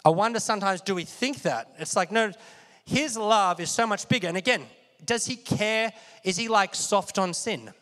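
A man preaching with a fairly high voice, his words ringing with long reverb from a large hall. He talks casually and keeps asking the congregation questions. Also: normal speed, sharp tone. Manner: conversational, asks the audience questions often. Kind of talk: sermon.

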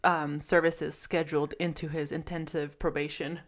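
A woman with a slightly low voice talks casually about her past. Her speech is loose and conversational and full of "like" fillers. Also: little pitch movement, normal speed. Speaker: guest, the man's wife.

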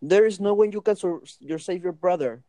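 A man's voice: sits high, brisk, mellow, no room sound, pitched above the performer's own voice, lightly acted. A man voicing a mournful old male ghost in an amateur radio drama, reading his lines in a sad, nervous way. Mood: sorrowful.

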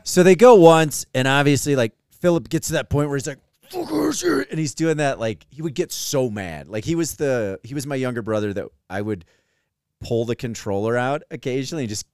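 A man's voice: mid-range voice, fairly quick, clean tone, no echo, clean studio sound. A man co-hosting a casual podcast, telling a family story with profanity and frequent laughter. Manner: animated, profane, laughs while telling stories. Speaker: podcast co-host.

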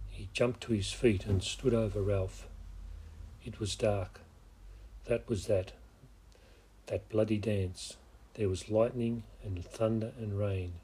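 A man narrating a novel as an audiobook, in a measured, steady way. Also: fairly low pitch, a little hiss or hum.

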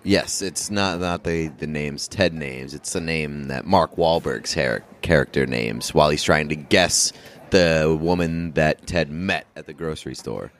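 A man's voice: very deep voice, measured pace, a bit bright. A man co-hosting a casual sports podcast, laid-back and wry, chiming in with dry jokes. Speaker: podcast co-host.

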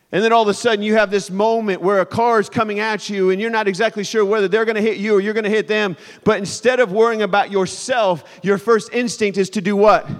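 A man in his thirties preaching a sermon, telling stories animatedly and swinging between loud bursts and hushed moments. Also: high-pitched. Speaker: pastor. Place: church sanctuary. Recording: long reverb of a large hall.

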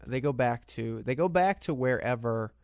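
Man, podcast co-host, casual movie recap, rambling, restarts sentences, mid-pitched, dry sound. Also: lively intonation, normal speed, gravelly, no room sound. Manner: rambling retelling with frequent restarts.

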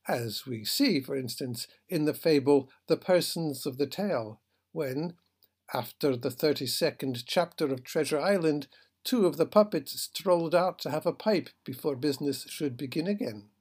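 Husky man, lecturer, reads a fable then reflects, measured pace. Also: on the high side, a little mellow. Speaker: literature lecturer. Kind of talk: reading a fable aloud and commenting.

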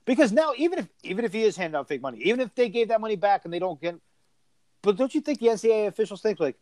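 The man talks in a casual, animated way about sports, full of opinions, and his voice sits fairly high. He is recorded close and dry, with no room sound. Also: rapid-fire, dry recording. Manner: animated, opinionated, laughs often. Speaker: podcast host. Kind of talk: casual sports podcast chat.

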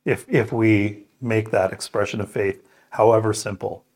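A man whose voice is on the low side, steady, and a little mellow co-hosts a scripture podcast. He prays, reads scripture aloud, and reflects earnestly and thoughtfully, pausing and restarting now and then.

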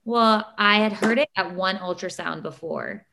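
A woman's voice: medium pitch, lively intonation, measured pace, gravelly, noisy background. A tired woman, co-hosting a podcast and telling a story casually with lots of fillers. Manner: chatty, emotional storytelling with many fillers. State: tired, short on sleep. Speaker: podcast co-host. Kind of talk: casual chat.

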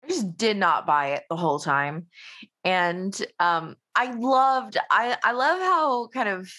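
A woman's voice: mid-range voice, lively intonation, slow, sharp tone. Frank, opinionated woman discussing a film. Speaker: podcast panelist.

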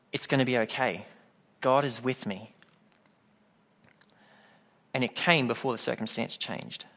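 A man's voice: on the high side, sharp tone. A man preaching a sermon, telling a personal story and acting out the voices in it. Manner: storytelling, acts out quoted voices. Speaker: pastor.

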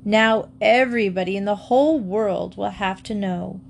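A woman reading a children's story aloud, voicing a young girl who is easily embarrassed and cross, in a higher, girlish voice. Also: steady tone, normal speed, vocal fry, a little hiss or hum, lightly acted.

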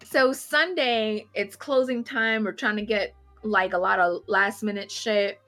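A woman on a podcast telling a funny convention story in casual chat, animated, laughing often and acting out the people she quotes. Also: medium pitch, a little slow, soft background music.

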